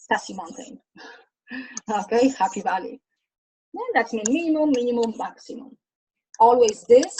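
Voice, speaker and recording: Woman math lecturer, high husky voice, step-by-step, asks students questions. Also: darkish tone, low-quality recording. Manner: talks through steps, asks students questions. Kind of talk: recorded lecture over slides.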